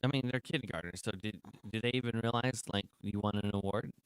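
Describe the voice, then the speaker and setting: A man's voice: lowish voice, fast, clear, resonant tone, no echo, rough recording. A man on a radio morning show, teasing his co-host with short, dry quips into a studio microphone. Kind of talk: casual on-air banter.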